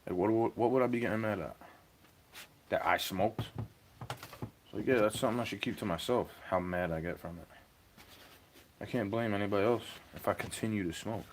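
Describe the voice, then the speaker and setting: Young guy ranting and cussing at his stream chat, lowish voice, bit of hiss behind. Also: brisk, pauses often. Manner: agitated, swearing, rambling rant. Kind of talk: ranting monologue to a livestream chat.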